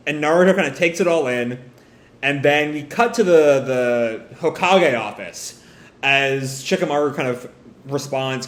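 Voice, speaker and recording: A man's voice: medium pitch, normal speed. A man reading a manga chapter aloud and reacting casually, hedging with fillers. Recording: roomy echo.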